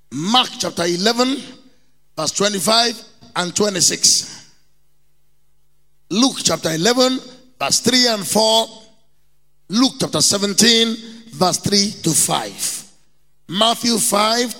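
Middle-aged Nigerian man, pastor delivering an emphatic sermon, high gravelly voice. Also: bright, forceful tone, in a large hall. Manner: emphatic preaching, repeats key words, mimics people in anecdotes.

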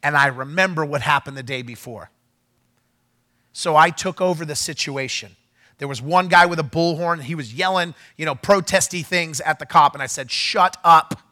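Bright-voiced, animated preaching man. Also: on the high side, normal speed. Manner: animated, shouts when acting out quotes. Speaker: pastor. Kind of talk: sermon storytelling. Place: church.

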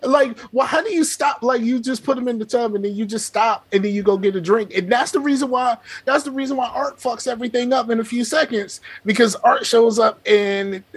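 High-voiced husky male co-host, halting casual delivery. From Virginia. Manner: stammers and restarts often. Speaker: podcast co-host. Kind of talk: casual chat.

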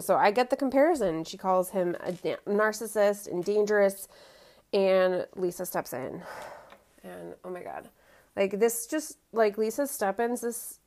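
A woman's voice: mid-range voice, darkish tone. A woman recapping a reality TV reunion in casual chat, opinionated and full of fillers. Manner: chatty, opinionated, many fillers like "um" and "you know".

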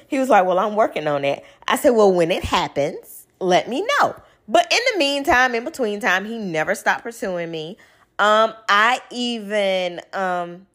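A woman's voice: mid-range voice, fairly bright tone. A young woman, chatting casually at home as she tells a personal story and quotes people's lines. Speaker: vlogger. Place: home living room.

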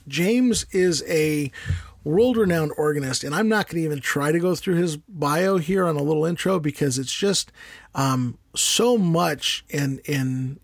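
A man's voice: a little high, breathy edge, dry recording. A man hosting a podcast, who talks in a chatty, rambling way with many restarts. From United States. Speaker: podcast host. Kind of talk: podcast interview.

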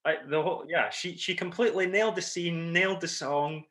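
Bright man, self-mocking. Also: a little high, brisk. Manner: sheepish, self-mocking storyteller. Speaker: musical theatre cast member. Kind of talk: casual backstage chat.

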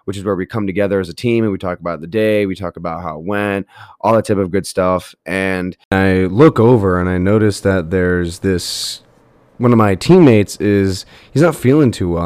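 A man's voice: sits low, dry recording. A young man hosting a podcast, telling a personal story in a rambling, casual way with many fillers. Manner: rambling, filler-heavy, animated retelling. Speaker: podcast host.

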